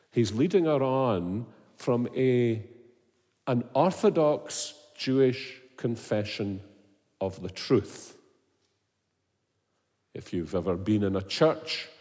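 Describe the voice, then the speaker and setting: A man's voice: on the low side, a little mellow. A man preaching an expository sermon, earnest and emphatic, asking his listeners questions. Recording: long hall reverb.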